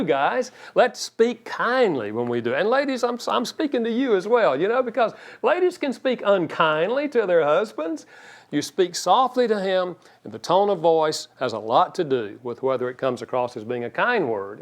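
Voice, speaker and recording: Animated man giving a marriage seminar. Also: fairly high pitch. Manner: animated, folksy, joking asides; acts out quoted spouses.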